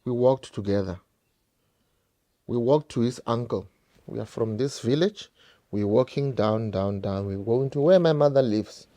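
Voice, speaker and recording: A man's voice: mid-range voice, a little slow, mellow. A South African man telling a painful personal story straight to his viewers, repeating phrases and calling them guys. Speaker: vlogger.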